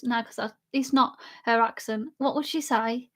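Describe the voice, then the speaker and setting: A woman's voice: a little high, fairly even intonation, a little slow, fairly bright tone. A young woman live streamer chatting casually with her chat and laughing often while she drinks. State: drinking alcohol.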